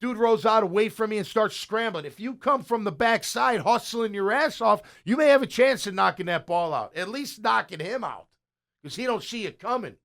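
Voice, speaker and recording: Excitable man breaking down game film. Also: sits high, moderate pace. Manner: excitable, blunt and conversational, swinging between loud praise and muttered asides. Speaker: radio show host breaking down game film. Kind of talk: casual play-by-play film review.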